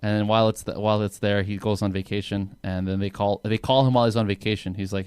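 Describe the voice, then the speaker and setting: A man's voice: fairly low pitch, little pitch movement, fast, hardly any pauses, a little mellow, clean tone, no echo. A young man co-hosting a casual podcast, telling rambling stories with plenty of swearing. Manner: rambling storytelling, heavy swearing. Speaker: podcast co-host. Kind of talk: casual chat.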